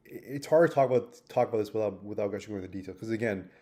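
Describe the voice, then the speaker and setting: A man's voice: fairly low pitch, rapid-fire, dark tone. A man talking through a personal mistake in a reflective vlog, thoughtful and rambling, with restarts and fillers. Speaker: vlogger.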